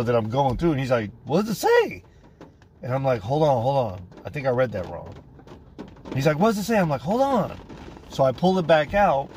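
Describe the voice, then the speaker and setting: A man's voice: mid-range voice, darkish tone, slight background noise. A man hosting a podcast, telling a story in a casual, profane way and acting out other people's voices. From United States. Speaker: podcast host.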